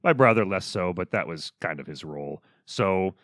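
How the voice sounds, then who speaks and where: A man's voice: deep voice, animated, brisk, background noise. A man co-hosting a film podcast, wry and teasing in casual chat. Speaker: podcast co-host. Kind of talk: casual film review chat, partly scripted.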